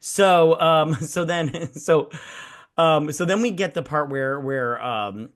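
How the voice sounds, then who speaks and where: A man's voice: fairly high pitch, slow. A male host of a casual movie-review chat show. He talks in loose, meandering runs, swears constantly, and slips into mocking voices when he quotes people. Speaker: podcast host.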